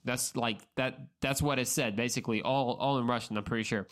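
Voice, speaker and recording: A man's voice: medium pitch, fairly even intonation, fairly quick, fairly bright tone. A man hosting a solo podcast, talking straight to the listener in an earnest, conversational way with many restarts and repeated words. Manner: addresses the listener directly. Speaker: podcast host.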